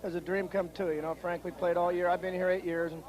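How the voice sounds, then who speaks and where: A man giving a hoarse, rambling, grateful postgame TV interview after a win. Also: high voice, little pitch movement, fast talker, a little mellow, poor audio. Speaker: ballplayer interviewed after winning. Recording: 1970s TV broadcast with crowd noise.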